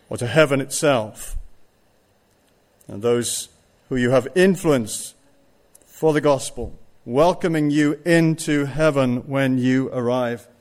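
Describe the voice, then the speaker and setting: A man's voice: mid-range voice, darkish tone. A man preaching a sermon, stressing his points and putting rhetorical questions to the congregation.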